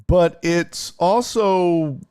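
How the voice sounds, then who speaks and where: A man's voice: high-pitched, drawn-out words, a little mellow, clean tone. A man hosting a sports talk stream, swearing and laughing as he reacts to game clips. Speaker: sports show host.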